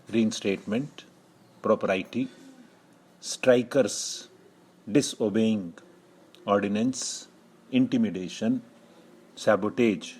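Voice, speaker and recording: A man reads a dictation list one word at a time, leaving measured pauses between words. His voice is husky and sits on the low side. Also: darkish tone, low-quality recording. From India. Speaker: shorthand teacher.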